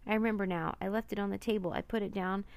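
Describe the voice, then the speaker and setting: A woman's voice: mid-range voice, steady tone, quick pace, vocal fry, natural voice. Woman reading as Jack, an earnest young boy. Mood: frantic. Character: young boy, anxious and bookish.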